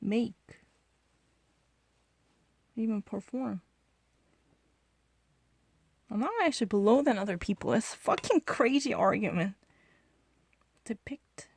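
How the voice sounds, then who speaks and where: A woman's voice: medium pitch, slow, vocal fry, long pauses, breathy edge, dry recording. A young woman whose first language is Korean, chatting casually while gaming, boastful and defensive, switching languages mid-thought. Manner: boastful and defensive, insisting loudly. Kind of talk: casual gaming vlog chat.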